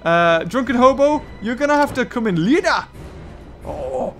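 Man, game commentary, enthusiastic, high voice, faint music behind. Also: very animated, measured pace, a bit bright. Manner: enthusiastic, play-by-play like a sportscaster. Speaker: gaming YouTuber. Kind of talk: excited mobile game commentary.

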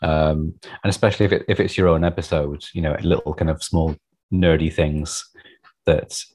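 A man's voice: rumbling low, fairly even intonation, moderate pace, a little mellow, low-quality recording. A man being interviewed about his writing, chatting casually and self-deprecatingly, with many restarts and repeated words.

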